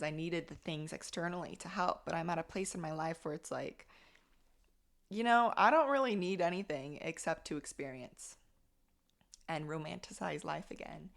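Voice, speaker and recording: Speaking in a fairly low, bright voice with a forceful tone, a young woman shares a personal story on her podcast. She's candid and casual, cursing freely throughout this solo reflection.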